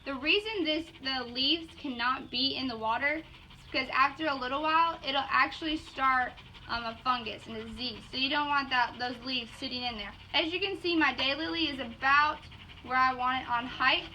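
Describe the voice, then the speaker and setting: A bubbly young woman from Georgia with a Southern accent teaches floral design in a casual video lesson, first outdoors in yards and then indoors at a table. Her voice is high, bright and forceful at a moderate pace, and she's enthusiastic, exclaiming often. The lo-fi recording sounds dull and picks up outdoor noise.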